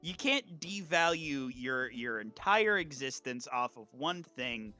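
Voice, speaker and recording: A man's voice: mid-range voice, slow, faint music behind. A man co-hosting a casual podcast, giving an emphatic, profane pep talk. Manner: emphatic, swears freely, animated pep talk. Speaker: podcast co-host.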